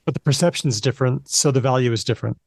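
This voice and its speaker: A man's voice: mid-range voice, fast, creaky, darkish tone, slightly rough, dry recording, studio quality. A man hosting a podcast interview, chatting casually and making his points in a playful, emphatic way. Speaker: podcast host.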